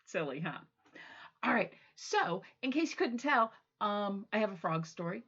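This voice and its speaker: A woman reading a children's storytime from her home, playful and animated with the kids. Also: mid-range voice, measured pace, husky, highs cut off. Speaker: library storytime reader.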